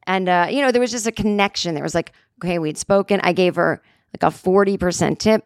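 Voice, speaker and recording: Recorded in studio quality without room sound, a woman comedian talks a little fast in a lowish voice on her podcast from a hotel room. Her story wanders casually, with plenty of "like" and "you know".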